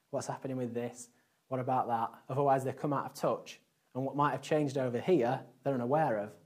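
A man in his thirties with a Yorkshire accent, preaching a sermon in a chatty, rambling way with fillers, growing louder on key points. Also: medium pitch. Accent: Yorkshire English. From Yorkshire, England.

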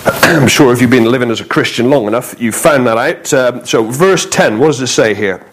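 A man's voice: mid-range voice, moderate pace, fairly bright tone, low-quality recording. Chatty man preaching. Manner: chatty, joking asides, frequent fillers. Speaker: guest preacher. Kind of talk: informal sermon with humor. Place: church hall.

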